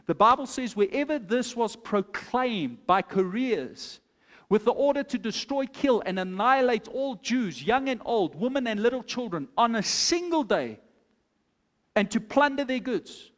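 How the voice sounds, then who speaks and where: Male pastor with a very high voice, storytelling sermon that swells into fervent calls, long hall echo. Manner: storytelling preacher, acts out quoted voices, builds to loud exhortation.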